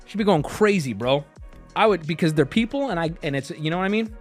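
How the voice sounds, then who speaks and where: A man streaming, riffing in casual commentary with crude jokes, lurching between loud rants and low mutters. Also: expressive, fairly quick, soft background music.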